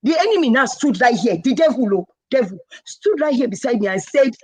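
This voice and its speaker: A middle-aged woman, a wife and mother, telling animated stories and acting out dialogue. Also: fairly high pitch, fairly quick, husky, no room sound. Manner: acts out dialogue, quoting herself and her husband. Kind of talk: animated personal storytelling.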